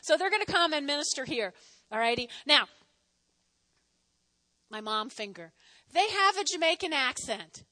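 A woman pastor preaching a sermon and offering appeal, talking fast in a chatty, self-mocking, animated way. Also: high voice.

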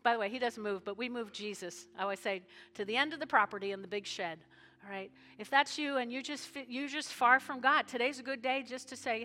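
A woman's voice: a little high, fairly quick. A woman pastor, giving a folksy altar call and leading the congregation in prayer. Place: church sanctuary. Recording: live church sanctuary with long reverb and soft music.

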